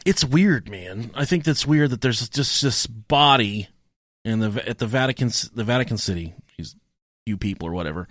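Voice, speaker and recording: Lively, joking man with a dry close sound. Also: medium pitch, moderate pace, no room sound. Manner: profane, joking, lively storytelling. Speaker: podcast co-host. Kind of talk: crude casual podcast banter.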